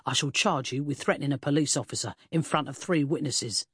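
A reader voicing a stern police inspector who speaks in a cold, threatening way. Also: male voice, a little high, brisk, a bit bright, breathy edge, no room sound, clean studio sound. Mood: angry. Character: stern, angry police inspector, adult man.

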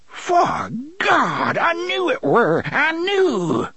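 A man's voice: on the high side, wildly swooping pitch, measured pace, fairly bright tone, slightly rough, no echo, voice pushed up, heavily acted. A man doing a cracked old farmer, thick dialect. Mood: overjoyed. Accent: thick rural dialect. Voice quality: cracked, wavering voice.

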